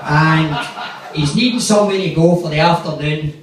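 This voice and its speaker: On stage, a man from Glasgow, Scotland, with a Glaswegian accent tells rambling, profane stand-up stories, voicing the quotes as the audience laughs. His voice is on the high side and he speaks at normal speed. The mic is distant, the sound very echoey and the background noisy.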